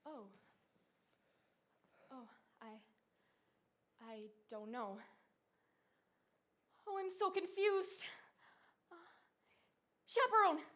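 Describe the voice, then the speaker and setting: A woman's voice: very high voice, big pitch swings, drawn-out words, pauses often, fairly bright tone, heavily acted. A woman playing a glamorous young showgirl star in a stage musical, dramatic and showy.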